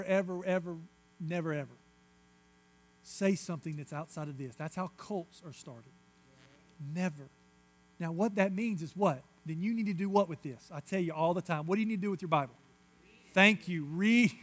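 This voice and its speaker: A man preaching as a pastor, emphatic and insistent, moving between loud declarations and hushed asides. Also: sits high. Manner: repetitive, insistent phrasing. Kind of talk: sermon.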